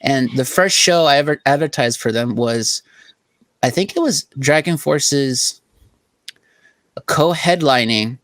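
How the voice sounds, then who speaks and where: Young male co-host from Southern California, mid-pitched, dry close sound, loose swearing storyteller. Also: slow, pauses often, fairly bright tone, no echo. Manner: rambling, profane storytelling with frequent "like". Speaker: podcast co-host. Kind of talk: casual chat.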